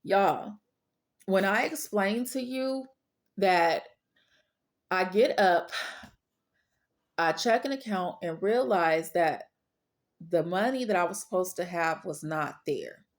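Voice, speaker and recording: A woman's voice: lowish voice, expressive, takes it slowly, pauses often. A woman sharing a personal faith testimony in an earnest, storytelling way, repeating phrases for weight. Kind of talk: personal testimony, casual preaching.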